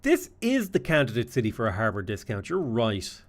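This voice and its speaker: An Irish man commentating his strategy game live, his voice swinging widely up and down as he talks. He ribs his chat with quick teasing jokes between calm notes on his moves. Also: medium pitch. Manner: joking banter with chat. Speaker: streamer.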